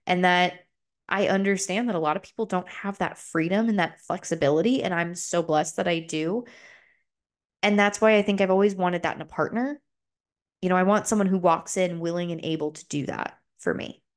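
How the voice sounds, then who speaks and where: Young woman doing a solo podcast, kinda low voice, swears a lot, gets emotional and then jumps up high when excited. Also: normal speed. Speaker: podcast host. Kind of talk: solo confessional podcast talk.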